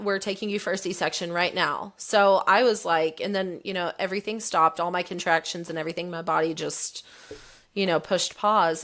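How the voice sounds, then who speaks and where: A woman in her thirties, a podcast guest, candidly telling a personal story and acting out the quoted lines. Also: medium pitch. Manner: candid, animated retelling, voicing the quotes.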